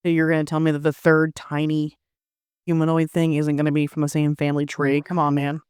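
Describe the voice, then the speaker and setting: A woman co-hosting a casual podcast chat, teasing her husband and jumping in with quick comments. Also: sits low, monotone, a little mellow, clear, resonant tone, dry recording, studio quality. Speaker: co-host, the host's wife.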